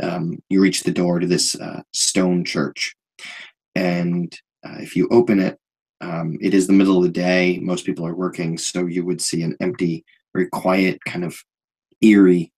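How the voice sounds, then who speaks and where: Man, game master, deep voice, husky, hesitant narration with fillers. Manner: relaxed, hesitant, many fillers.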